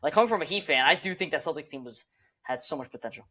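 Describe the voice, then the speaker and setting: A man's voice: on the high side, expressive, rapid-fire, bright, forceful tone. A man co-hosting a casual sports podcast, emotional and rambling, often repeating himself. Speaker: podcast co-host.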